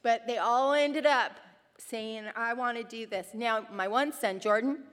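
A middle-aged woman, a mother of five, speaking to other mothers in an animated, storytelling way, acting out the voices she quotes. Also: a little high, unhurried, clear, resonant tone, in a large hall. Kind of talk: faith-based talk with personal stories.

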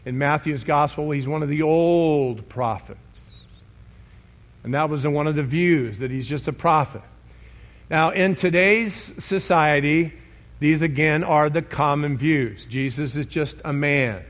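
Male pastor, sermon delivery, slightly high voice, emphatic, conversational. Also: a little slow. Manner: emphatic, conversational, questions the congregation.

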